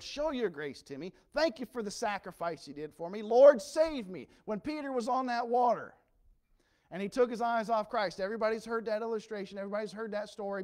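A pastor preaches a sermon with passion and earnestness, his voice dropping low and quiet before rising into loud, emphatic cries.

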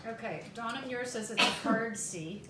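A woman's voice: fairly high pitch, normal speed, very noisy. Woman coaching from across echoey kitchen. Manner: coaching, chatty. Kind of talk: casual cooking demonstration. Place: home kitchen. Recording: distant, echoey kitchen with dish clatter.

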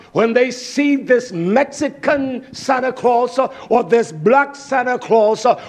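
A man with a strikingly high voice delivers a fiery sermon. He swings between loud, shouted outbursts and hushed near-whispers. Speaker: preacher.

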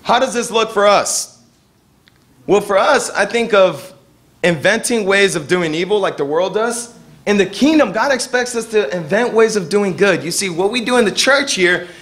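A young man preaching a sermon as pastor, telling stories and acting out the people he quotes with lively energy. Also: high-pitched. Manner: animated storytelling, acting out quoted voices.

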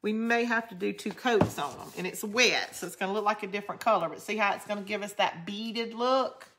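A woman's voice: medium pitch, a little fast, background noise. A woman with a Southern US drawl, hosting a craft channel in rambling, chatty talk while she answers viewer comments. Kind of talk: casual live crafting chat.

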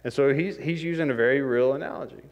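A man preaching in a church sanctuary, speaking at an ordinary pitch. His delivery is conversational and self-deprecating, and he acts out the people in his stories. A long reverb trails off behind his voice. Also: quick pace, dull audio. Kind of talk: sermon.

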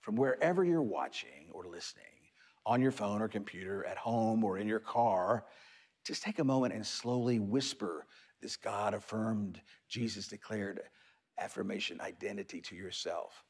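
Gravelly low-voiced pastor preaching. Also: male voice, expressive, normal speed, darkish tone. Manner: reflective, leads listeners through whispered affirmations. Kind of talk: sermon. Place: church or studio, online worship service.

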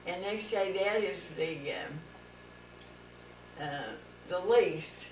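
A woman with a Pittsburgh accent chatting casually with family, often pausing to search for words. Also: lowish voice, darkish tone. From Pittsburgh, USA. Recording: echoey room, distant mic, hiss.

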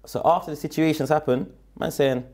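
A man with a South London accent, a rapper guest in a casual interview, telling a story in a slang-heavy, animated way and acting out what people said. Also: a little high, a little fast. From London, England. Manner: animated, slang-heavy, acts out the quoted lines.

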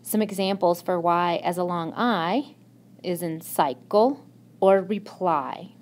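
A woman's voice: fairly low pitch, takes it slowly, a little mellow. A woman teacher giving a recorded phonics lesson in a patient, encouraging classroom manner. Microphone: tablet microphone.

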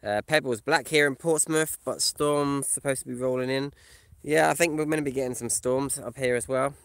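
Brief: male van-life vlogger, casual live chat, bright crisp voice, dry close sound. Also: mid-range voice, normal speed, no echo. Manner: casual, chatty, reads comments aloud and answers them. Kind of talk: live stream chat, reading viewer comments. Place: in a camper van or parked outdoors.

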